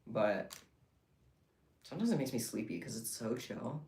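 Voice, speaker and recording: Animated low-voiced woman chatting on stream. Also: a little slow, echoey room. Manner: chatty and excitable, talking to chat. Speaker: livestreamer making bead bracelets. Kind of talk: casual livestream chat.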